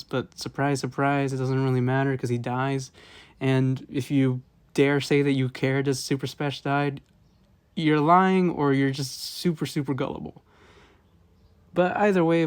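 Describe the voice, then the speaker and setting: A man's voice: medium pitch, darkish tone. A man rambling casually through a game review, with lots of fillers and frequent chuckles. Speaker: gaming video host.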